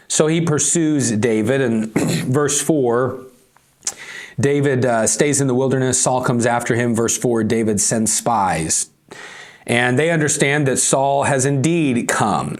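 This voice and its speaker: A man's voice: medium pitch, lively intonation, slow pace. A man with an American accent preaching a sermon, reading scripture aloud and then retelling it in plain, casual words with the odd filler. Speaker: pastor.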